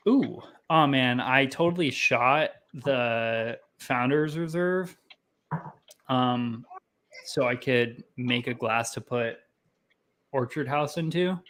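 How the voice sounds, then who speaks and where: A young man chats loosely about a drink, rambling and laughing at himself, full of fillers. His pitch sits mid-range and he jumps from thought to thought. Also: slow pace, a bit bright. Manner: rambling, self-deprecating, lots of fillers. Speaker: whiskey tasting show host. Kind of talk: casual tasting chat.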